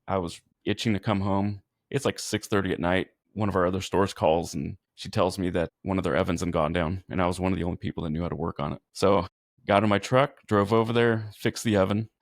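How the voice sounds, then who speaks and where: A man from California with a low, gravelly voice, speaking as a firefighter guest. He talks in an earnest, easygoing and slightly goofy way. The recording is close and dry. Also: fairly even intonation, a little fast, no echo. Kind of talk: casual storytelling.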